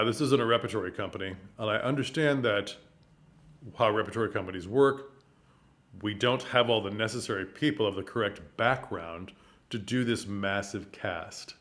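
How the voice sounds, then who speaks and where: A man giving a casual spoken commentary on theater, animated and full of rhetorical questions, sometimes tripping over his words. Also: fairly low pitch.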